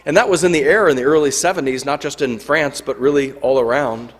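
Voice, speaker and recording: A man's voice: medium pitch, a little fast. A man preaching a sermon as a priest, telling a story earnestly with repeated phrases and restarts. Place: church. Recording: long church reverb.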